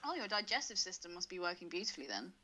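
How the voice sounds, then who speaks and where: A woman's voice: fairly low pitch, very fast, rough recording. A woman co-hosting a podcast, chatting crudely and laughing often. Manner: laughing a lot, crude and lively. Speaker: podcast co-host. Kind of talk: casual banter.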